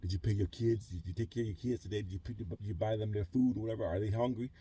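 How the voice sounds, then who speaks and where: Male vlogger, middle-aged, very dark and mellow tone, loose filler-heavy monologue. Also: fairly low pitch, rapid-fire, breathy edge. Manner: rambling, heavy on fillers like "you know" and "whatever". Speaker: vlogger living in a truck camper. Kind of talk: casual rambling monologue. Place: truck camper in a trailer park.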